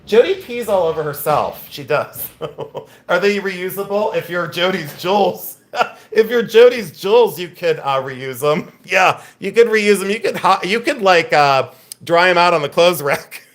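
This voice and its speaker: A man's voice: high-pitched, lively intonation, a little slow, a bit bright. An American man hosting a live-stream sale, teasing viewers and rambling between lots. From United States. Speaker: live auction host. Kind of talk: casual live-stream sales chat.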